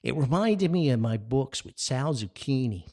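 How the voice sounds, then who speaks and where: A man's voice: mid-range voice, normal speed. An older man from New Jersey with a North Jersey accent, telling a casual story as a podcast host, chuckling as he goes. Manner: animated, chuckling, jumps up for quoted voices.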